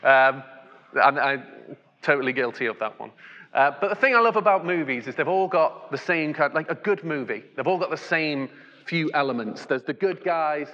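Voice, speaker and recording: In a large church hall, with the highs cut off, an English preacher delivers a casual, chatty sermon. His voice is on the high side and sharp, with lively intonation and a moderate pace, and he's self-deprecating, repeatedly restarting his sentences.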